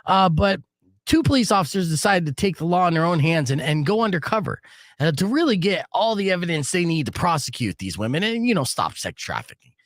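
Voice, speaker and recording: Hosting a live radio show from a studio mic, a man tells stories in a brash, casual on-air style and swears freely. His voice is high and very animated, moving a little fast, with no echo.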